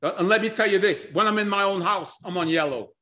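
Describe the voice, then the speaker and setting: A man giving a lively, energetic lecture and asking his listeners to write things down. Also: high voice, fast. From United Kingdom. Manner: energetic, animated presenting with audience tasks. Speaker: history and culture speaker.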